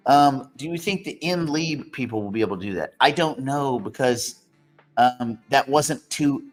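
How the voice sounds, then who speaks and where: A man hosting an investing question-and-answer show, talking in a blunt, rambling and often profane way. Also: medium pitch. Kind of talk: casual livestream Q&A.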